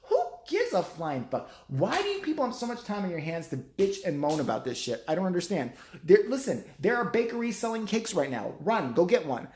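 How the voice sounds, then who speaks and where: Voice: medium pitch, sing-song, fairly quick, darkish tone. A middle-aged vlogger in a profane, sarcastic, rambling rant. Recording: roomy echo.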